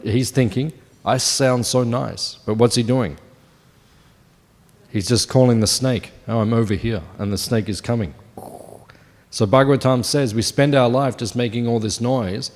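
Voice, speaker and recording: Long hall reverb surrounds a man in his fifties with a darkish, mid-range voice as he gives a morning scripture class in a temple. He speaks in a relaxed, conversational manner and repeatedly asks his listeners questions.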